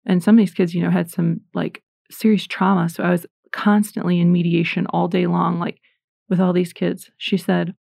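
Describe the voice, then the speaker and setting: A middle-aged woman giving a casual, animated Christian talk, chatty and self-deprecating. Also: lowish voice, normal speed, gravelly, dry recording, clean studio sound. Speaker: Christian podcaster.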